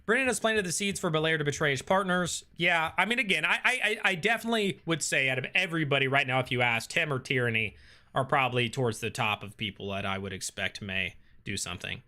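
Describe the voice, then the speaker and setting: A man's voice: on the high side, fast talker, sharp tone. A man hosting a casual livestream, reading viewer comments aloud and answering them with lots of ums and uhs. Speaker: streamer reading live chat.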